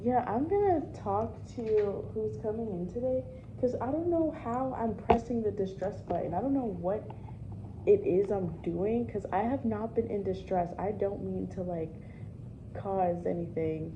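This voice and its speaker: Young woman filming a casual work vlog on her phone; chatty, slangy, mid-pitched, noisy background. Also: measured pace, highs cut off. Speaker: vlogger at work. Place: indoor workplace at opening time.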